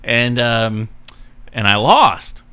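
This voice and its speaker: Bright, lively man telling stories. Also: medium pitch, drawn-out words, clear, resonant tone. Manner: animated storyteller, jumps into loud mimicry. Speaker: podcast co-host. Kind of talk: casual chat.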